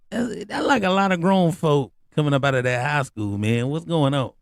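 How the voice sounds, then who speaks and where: A middle-aged podcast host talks at normal speed with hardly any pauses, captured dry in a clean studio. He tells comic stories in slangy, casual language, animated, his voice rising on the asides and jumping up at the punchlines.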